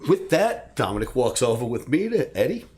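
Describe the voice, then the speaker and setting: A middle-aged man from the New York area telling a personal story, animated and acting out the dialogue. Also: medium pitch, moderate pace, slight background noise. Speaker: trading educator and host.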